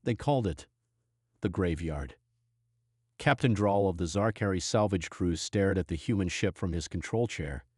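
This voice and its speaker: A man reading a science fiction story in a steady, measured storytelling voice. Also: deep voice, husky, no echo, studio quality. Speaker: narrator. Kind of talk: scripted sci-fi narration.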